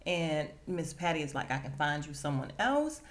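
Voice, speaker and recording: A woman hosting a casual podcast, recapping a TV episode with animated retelling, acting out the characters' lines and laughing often. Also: low-pitched, moderate pace.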